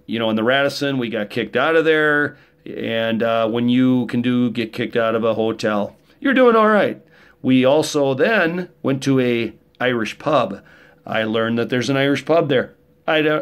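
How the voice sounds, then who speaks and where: A middle-aged man, telling stories in a rambling, joking monologue. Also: medium pitch. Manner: rambling, joking, rough-edged storytelling. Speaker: vlogger. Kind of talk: casual monologue.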